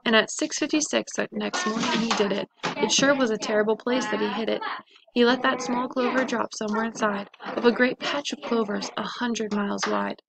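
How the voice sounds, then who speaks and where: A woman reading a rhyming storybook aloud to a class of children, with a steady, rhythmic delivery. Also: a little high, brisk, creaky, heavy background noise.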